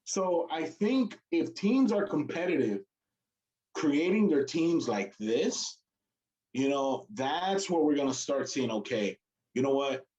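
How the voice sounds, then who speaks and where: A man's voice: on the high side, expressive, slow, darkish tone, muffled recording. Rambling man on a sports show. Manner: rambling, hesitant, fumbles for names. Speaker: co-host. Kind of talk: casual sports chat. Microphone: streamed call mic.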